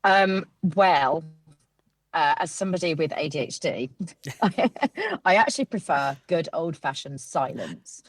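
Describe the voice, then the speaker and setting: A woman's voice: low voice, expressive, unhurried, dry recording. A woman guest copywriter chatting casually on a podcast, rambling with lots of fillers.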